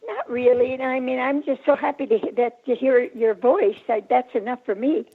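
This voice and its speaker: A woman in her nineties, calling in to a radio show and chatting sweetly with some gentle teasing. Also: high voice, steady tone, moderate pace, husky. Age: 90s. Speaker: caller. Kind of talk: casual phone chat. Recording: phone line.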